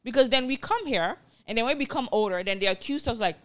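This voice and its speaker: A woman's voice: a little high, lively intonation, fast talker, a bit bright. A woman from Nigeria co-hosting a podcast in casual, emphatic chat, often asking "you know what I'm saying". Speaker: podcast co-host.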